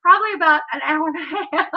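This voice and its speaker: A woman's voice: very high-pitched, brisk, noisy background. A middle-aged woman, telling stories to her livestream viewers in a casual chat and laughing often. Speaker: livestream host. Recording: slightly dull lo-fi audio.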